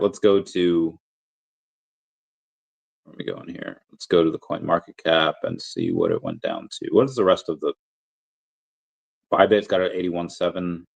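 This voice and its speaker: A man's voice: low voice, creaky. A man hosting a casual livestream, rambling and chatting with viewers, full of fillers and restarts. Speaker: livestream host. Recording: dull lo-fi audio.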